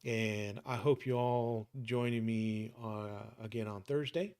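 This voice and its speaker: Upbeat man closing his stream, low voice. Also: steady tone, slow pace, a little mellow, clean tone. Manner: upbeat, rambling, many fillers and restarts. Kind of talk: casual stream sign-off.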